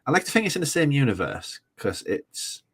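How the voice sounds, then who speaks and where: A man speaking as a podcast guest in casual chat, halting and wry. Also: mid-range voice, big pitch swings, slightly rough. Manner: hesitant, many fillers and restarts, wry.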